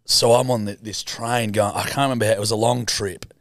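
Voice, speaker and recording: Aussie podcast guy, bit of fry in his voice, crude jokey yarn-spinner. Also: on the low side, level tone, a little fast, no echo, studio quality. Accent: Australian. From Australia. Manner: crude, joking storyteller. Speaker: podcast co-host. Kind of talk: casual storytelling.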